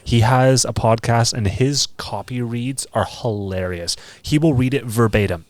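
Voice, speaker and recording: A man's voice: medium pitch, measured pace, a little mellow, no echo. A man hosting a casual podcast, chatty and joking, asking follow-up questions. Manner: chatty, asks follow-ups, jokes. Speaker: podcast host. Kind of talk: casual chat.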